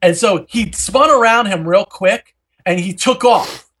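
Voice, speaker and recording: A man hosting a podcast, telling a wild story in a casual, animated way, swearing freely and acting out every character. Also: high voice, unhurried, husky. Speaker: podcast host.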